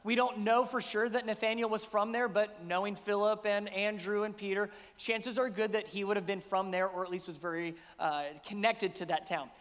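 A man's voice: high voice, fairly even intonation, normal speed, hardly any pauses, a bit bright, big-room sound. A man, preaching a conversational sermon as pastor and often asking rhetorical questions.

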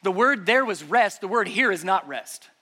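Guy preaching to his church, kinda high voice, punchy and chatty delivery. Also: animated, moderate pace, sharp tone. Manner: emphatic, conversational preaching. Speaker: pastor. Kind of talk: sermon. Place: church service before a congregation.

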